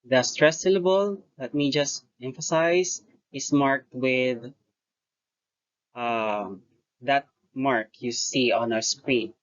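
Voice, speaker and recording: A teacher talks through a lesson at an unhurried pace, breaking sentences into short phrases. They stop now and then to correct their own wording. The recording sounds dull and lo-fi. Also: mid-range voice. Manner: deliberate, pauses often between phrases, corrects own wording. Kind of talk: recorded lecture-style lesson.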